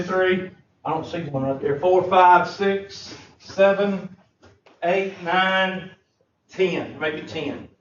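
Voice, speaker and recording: A man's voice: high-pitched, a bit bright, slight background noise. A man teaching a math class, joking and folksy as he lectures. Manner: joking, folksy, drawled Southern phrasing. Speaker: math instructor. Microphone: far room mic. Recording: echoey, distant, muffled classroom recording.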